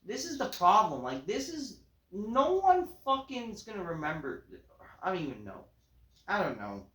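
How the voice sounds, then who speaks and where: A woman's voice: medium pitch, huge pitch swings, normal speed, a bit bright. Woman ranting in a roomy echo. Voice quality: casual, filler-heavy talk with lots of swearing. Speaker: wrestling show reviewer. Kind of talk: profane ranting review.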